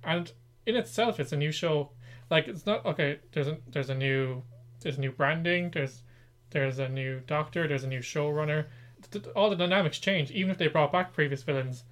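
A man's voice: a little high, moderate pace, fairly bright tone. A man co-hosting a casual pop-culture chat, reading out news items and adding wry asides. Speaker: podcast co-host.

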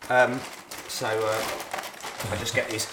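A man's voice: on the low side, level tone, takes it slowly, reverberant, over a noisy crowd. A man hosting a casual podcast chat, rambling and self-interrupting with dry jokes. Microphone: headphones on, studio mic.

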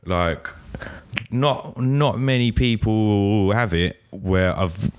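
A man's voice: fairly low pitch, extremely slow, clean tone, dry recording. A young man telling a story in casual chat, laid-back, swearing freely and saying "like" a lot.

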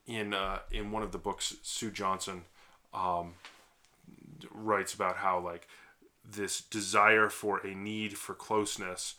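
A man with a lowish voice and a bright, forceful edge talks through marriage and therapy ideas on a podcast. He explains at length, circling back with fillers and restarts as he thinks aloud. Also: level tone, slow. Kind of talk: casual conversational podcast.

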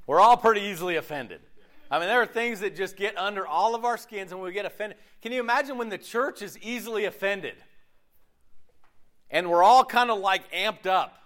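A man leading a sermon discussion, animated, laughing often and acting out little voices as he talks. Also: high voice, moderate pace. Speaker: pastor.

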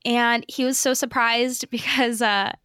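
A young woman chats on a podcast, bubbly and rambling, with lots of "like" in her speech. Her voice sits a bit high, bright and crisp. The sound is close and dry. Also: steady tone, a little slow, no echo. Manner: chatty, bubbly storytelling full of fillers. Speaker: podcast co-host. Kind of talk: casual chat.

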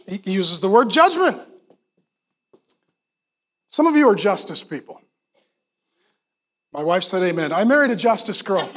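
Man, middle-aged, pastor, sermon, very high pitch, animated storytelling. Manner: animated storytelling, acting out quoted voices.

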